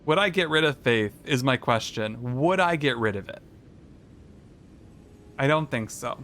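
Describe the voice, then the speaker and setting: A man's voice: mid-range voice, animated, unhurried, fairly bright tone, a little hiss or hum. Chatty man streaming a game. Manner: thinks aloud, chatty, talks to chat. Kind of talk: casual gaming livestream commentary.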